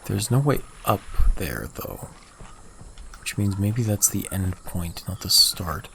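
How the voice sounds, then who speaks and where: Low-voiced easygoing male game streamer. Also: big pitch swings, slow pace, creaky, sharp tone, a little hiss or hum. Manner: thinking aloud, easygoing and chatty. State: coughing. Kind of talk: casual livestream chat.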